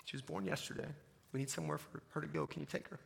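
A man in his thirties telling a personal story to an audience, acting out the dialogue in an animated way. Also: fairly high pitch, very fast, vocal fry, a little hiss or hum. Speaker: speaker sharing testimony.

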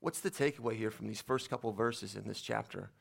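A man's voice: lowish voice, a little fast, gravelly, breathy edge. A man preaching a sermon, reading scripture aloud and then explaining it in a conversational way. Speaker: pastor.

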